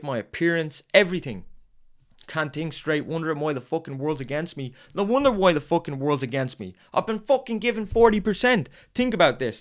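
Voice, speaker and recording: A man hosting a podcast, delivering an intense, profane motivational monologue. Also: on the high side. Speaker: podcast host.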